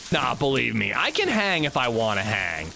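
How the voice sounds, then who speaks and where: Male streamer, casual chatty gamer, bright and lively delivery. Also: medium pitch, normal speed, vocal fry, a little hiss or hum. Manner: chatty, animated, reads chat aloud. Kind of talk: casual livestream chat while gaming.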